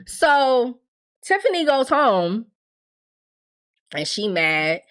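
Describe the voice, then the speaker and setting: A woman's voice: fairly high pitch, very animated, drawn-out words, a bit bright, clean tone. A woman giving a casual, blunt, profane recap of a TV episode, acting out the characters' lines as she goes.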